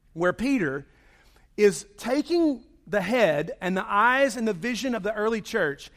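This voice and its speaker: A man preaching a conversational sermon after praying, his voice a bit worn from singing. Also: high voice. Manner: conversational, animated storytelling. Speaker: pastor. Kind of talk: sermon with opening prayer.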